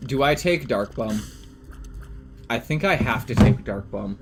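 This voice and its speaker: A man's voice: mid-range voice, animated, measured pace, music in the background. A man from Canada streaming and chatting casually with his viewers, blunt and emphatic with plenty of swearing.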